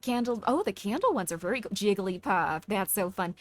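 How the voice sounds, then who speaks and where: A woman hosting a live stream, chatting casually in a bubbly, excitable, playful way. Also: medium pitch, brisk, no echo. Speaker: streamer host.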